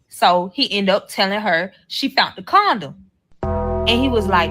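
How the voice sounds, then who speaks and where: A woman telling viewers a personal story loudly and full of swearing, slipping into the voices of the people in it. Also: medium pitch, a little slow, over music. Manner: animated, swearing, acts out the voices of others. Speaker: storyteller in a played clip.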